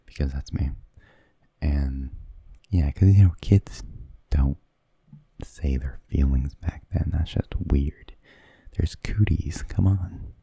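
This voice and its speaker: Super low gravelly guy doing soft-spoken asmr, rambly and hesitant, slides into whispers. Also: no room sound. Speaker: ASMR creator.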